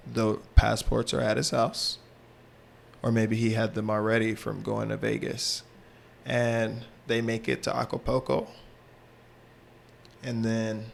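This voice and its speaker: A man's voice: fairly low pitch, gravelly, a little hiss or hum. A man co-hosting a podcast, bantering and arguing his points in casual chat. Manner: joking, argumentative banter. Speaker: podcast co-host.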